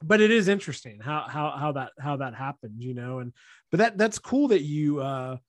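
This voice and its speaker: Chatty man with a higher voice. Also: big pitch swings, moderate pace, no echo. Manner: chatty, rambling, frequent "you know" and "like". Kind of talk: casual podcast conversation.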